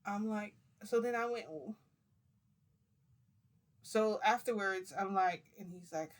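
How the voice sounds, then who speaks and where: A woman's voice: mid-range voice, unhurried, pauses often. A woman vlogger telling a story to camera in a rambling, chatty way, with fillers and laughs.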